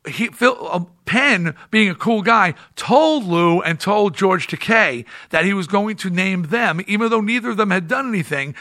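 A man hosting a podcast who tells stories casually in an animated, rambling way with lots of restarts. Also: high voice. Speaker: podcast host. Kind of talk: casual storytelling.

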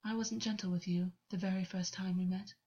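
A woman voicing a gentle but controlling man who murmurs slowly and softly, on a dull lo-fi recording. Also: mid-range voice, steady tone, breathy edge, natural voice. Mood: soft, coaxing. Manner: soft, slow, murmuring. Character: soft-spoken, controlling man, caring lover.

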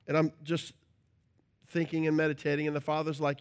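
A middle-aged man preaching a sermon as a pastor, animated and playful, acting out little scenes with shouts and joking voices. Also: a little high, brisk, pauses often, clean tone.

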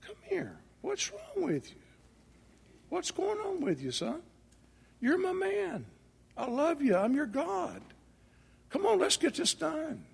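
A man voicing God as a tender, gentle figure coaxing a weary prophet, soft and hushed. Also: very high voice, wildly swooping pitch, fairly quick, hardly any pauses, pitched above the performer's own voice, heavily acted. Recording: echoey hall.

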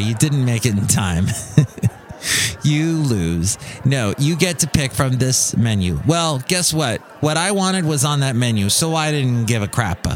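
A man hosting a podcast, telling a long story in a casual, rambling, joking way with a sing-song delivery. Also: mid-range voice. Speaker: podcast host. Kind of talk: casual monologue.

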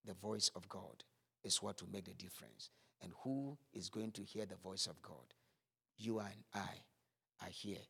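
A man's voice: deep voice, moderate pace, vocal fry, fairly bright tone, breathy edge. Man preaching with dramatic storytelling. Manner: acts out scripture scenes with vivid voices, then turns earnest. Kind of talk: sermon.

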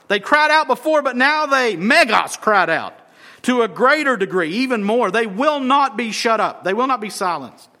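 A man preaching a sermon, acting out crowd voices and swinging from shouts down to whispers. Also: sits high. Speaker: pastor.

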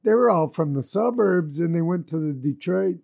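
A man's voice: on the high side, lively intonation, normal speed, vocal fry, darkish tone. A man hosting a casual interview, asking easygoing questions. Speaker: host.

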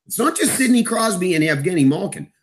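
Excitable man, swooping animated voice. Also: fairly quick, crowd noise. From Eastern Canada. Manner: excitable, jokey, jumps in pitch when amazed. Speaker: co-host hockey analyst. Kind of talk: sports podcast chat.

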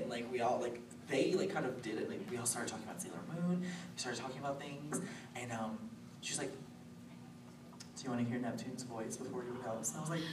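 Giggly woman on an echoey far-off panel. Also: deep voice. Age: late 20s. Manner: bubbly, giggly, lots of "like". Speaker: convention panel guest. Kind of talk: casual panel chat. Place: convention panel room. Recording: echoey room recorded from far off with noise.

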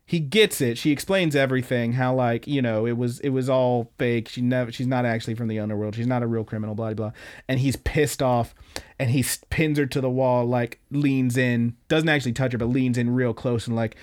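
A young male podcast host talking through anime episodes in a loose, chatty way, full of fillers and casual swearing. His voice sits at an ordinary middle pitch. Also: steady tone, fairly quick, a little mellow, clean tone. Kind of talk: casual anime recap chat.

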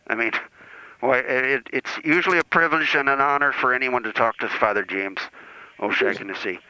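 A man's voice: mid-range voice, normal speed, bright, forceful tone, clear, resonant tone, no echo. A man voicing a self-important, rambling priest calling in to the show. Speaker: caller. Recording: dull phone-line call.

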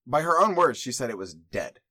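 A man co-hosting a casual comedy podcast, telling a story with lively acted-out bits and frequent laughter. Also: mid-range voice, brisk, no room sound, clean studio sound. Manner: animated storyteller, acts out scenes. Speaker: podcast co-host.

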